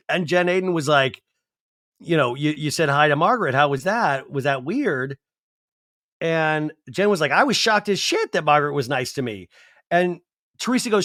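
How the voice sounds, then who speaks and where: A man's voice: fairly high pitch, a bit bright, dry recording, clean studio sound. A man hosting a podcast, recapping a reality show in a chatty comedic way and mimicking the cast's lines. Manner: chatty, acts out cast members' lines in mocking voices.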